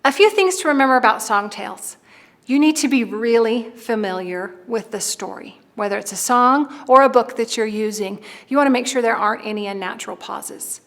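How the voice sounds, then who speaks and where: A woman music teacher explaining song tales and then telling an expressive story to a group of preschool children. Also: on the high side, moderate pace. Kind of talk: instructional narration and storytelling to preschoolers.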